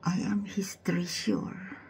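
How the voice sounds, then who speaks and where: A woman speaks mostly in a soft, halting whisper, circling back over the same words as she holds back tears. Her voice is low and gravelly with a dark, mellow tone, and she takes her time with every phrase. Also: flat delivery. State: close to tears. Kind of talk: whispered personal monologue.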